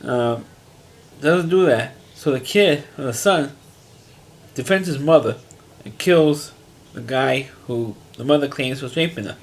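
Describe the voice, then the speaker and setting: A man's voice: medium pitch, unhurried. A man casually recapping a TV episode in a rambling monologue, restarting his sentences often. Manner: rambling, frequent restarts and fillers, plain-spoken. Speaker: TV episode reviewer.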